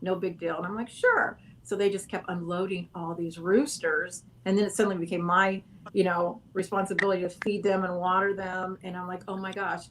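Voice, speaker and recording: A woman's voice: on the low side, little pitch movement, brisk, hardly any pauses, slight background noise. A woman guest in a casual interview, telling a long story in a rambling way, correcting herself and laughing often.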